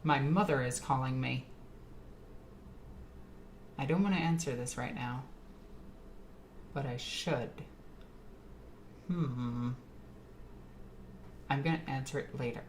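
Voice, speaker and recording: A woman's voice: rumbling low, slow, long pauses, slight background noise. A tipsy woman streamer chatting casually with her live chat, rambling and laughing often.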